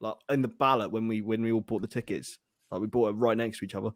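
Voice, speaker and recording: A man's voice: on the low side, fairly even intonation, fast talker, no room sound. Upbeat man on a dry mic. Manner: upbeat, easygoing. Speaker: podcast co-host. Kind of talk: casual football chat.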